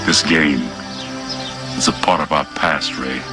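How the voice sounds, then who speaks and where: An older man speaking with a very deep voice, slow and weighty. He is a solemn, reverent writer in a film scene, and music swells loudly behind him. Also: fairly even intonation. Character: older male writer giving a reverent speech. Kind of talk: film dialogue.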